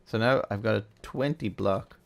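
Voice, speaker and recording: Male tutorial host, low gravelly tone, easygoing, thinks aloud, keyboard clicks behind. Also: moderate pace, slight background noise. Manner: relaxed, chatty, thinking aloud with fillers. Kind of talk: casual gameplay tutorial.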